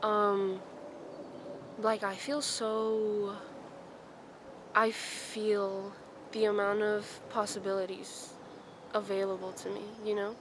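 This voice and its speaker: A young woman vlogging outdoors in a forest, talking in a soft, reflective, rambling way with many ums and self-corrections. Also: medium pitch, flat delivery, takes it slowly, pauses often, noisy background. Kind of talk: casual vlog chat.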